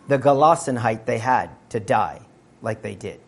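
A man preaching a sermon, earnest and emphatic, moving between loud stressed phrases and quiet asides. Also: mid-range voice, lively intonation, moderate pace, slightly rough.

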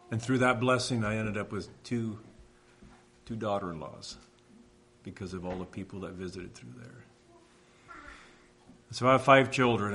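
A middle-aged man from Washington telling a personal faith testimony in a halting, reflective way, often pausing and restarting. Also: fairly low pitch, fairly bright tone, a little hiss or hum. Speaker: speaker sharing a testimony.

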